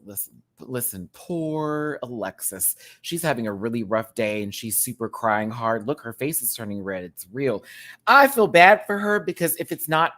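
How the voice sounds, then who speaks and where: A man hosting a casual reaction show, campy and chatty, swinging from loud exclamations to quiet asides and laughing often. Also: medium pitch. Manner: campy and chatty, repeats words for emphasis.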